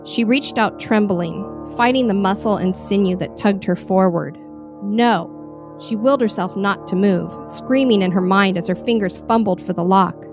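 Female narrator for a spooky short story, mid-pitched, expressive, soft music behind. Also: moderate pace. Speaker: story reader. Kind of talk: dramatic horror story reading.

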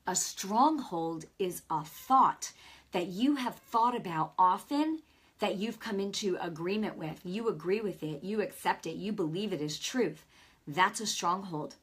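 Husky-voiced woman preaching to camera. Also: medium pitch, expressive, measured pace, a bit bright. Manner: conversational and emphatic, talks straight to viewers. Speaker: host and Christian teacher.

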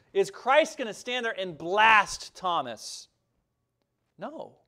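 A man preaches to his congregation with a high voice that climbs and swoops. He talks emphatically and conversationally, dropping in asides as he goes. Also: very animated, slow pace, bright, forceful tone. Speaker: pastor. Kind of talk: sermon.

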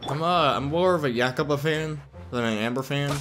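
A man's voice: on the high side, brisk, over music. A man giving casual, joking commentary while playing a story game, reacting and laughing along.

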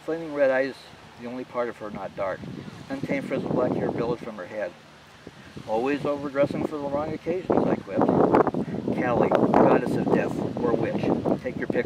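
A man's voice: medium pitch, distant mic, very noisy. Man reading his novel from afar. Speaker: author. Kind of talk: audiobook narration.

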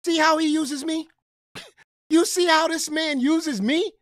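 A man's voice: very high voice, fairly even intonation, a little slow, a bit bright, dry recording, studio quality. A man hosting a gaming commentary channel, ranting in a profane, confrontational way and repeating himself when heated.

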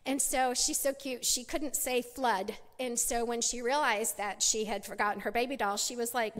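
A woman's voice: on the high side, steady tone, normal speed. A middle-aged woman giving a personal testimony at a church women's conference, storytelling with many restarts. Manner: storytelling, many restarts, acts out quoted voices. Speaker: conference speaker. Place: church sanctuary. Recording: long hall reverb.

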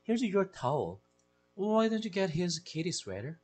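An easygoing, reassuring father, as a man reads him, calmly explaining in a husky voice with a Korean accent. The pitch moves lively between phrases. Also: moderate pace. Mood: mild.

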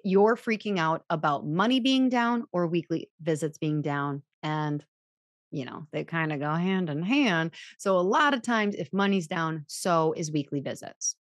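A woman's voice: medium pitch, dry recording, studio quality. A woman chiropractor hosting a podcast, talking through business advice in a chatty, self-mocking way and acting out the voices she quotes. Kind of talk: casual advice talk.

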